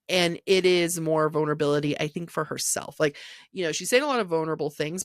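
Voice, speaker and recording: A woman's voice: sits low, no room sound, clean studio sound. A woman co-hosting a book podcast, talking through a novel in a thoughtful, conversational way. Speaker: podcast co-host. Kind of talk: casual book discussion.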